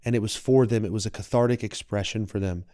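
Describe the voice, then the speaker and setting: A young adult man talks as a podcast guest, reflective and animated, slipping into quoted voices now and then. His voice sits low and sounds smooth and mellow. The recording is dry and close, with no room sound. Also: fast, no room sound. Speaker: guest, wellness coach and content creator. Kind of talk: casual podcast conversation.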